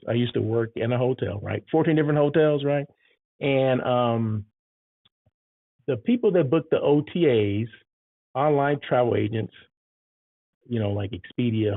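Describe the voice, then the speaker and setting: Chatty and casual, a hotel site selection planner who vlogs talks through a monologue, peppering it with "right?" and "okay?" to keep the listener with him. His voice is medium in pitch. The audio has no room sound but a thin, phone-like quality.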